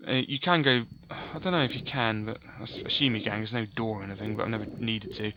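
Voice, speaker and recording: Casting: easygoing gamer narrating his playthrough, lowish crisp voice, dull lo-fi mic with faint hiss. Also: quick pace. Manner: chatty, self-correcting, offhand. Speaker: gaming commentator. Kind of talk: let's play commentary.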